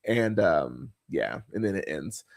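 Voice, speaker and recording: A man's voice: deep voice, expressive, vocal fry. Rambling, profane male podcast host. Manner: rambling, profane, halting with many fillers. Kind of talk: casual chat.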